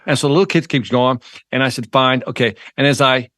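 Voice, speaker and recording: A middle-aged sales trainer tells a story in an interview, voicing each character with lively jumps in tone. His voice sits at an ordinary pitch. The sound is dry and close, with no room echo. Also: quick pace. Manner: animated, acts out the dialogue in his anecdotes. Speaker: sales trainer and motivational speaker.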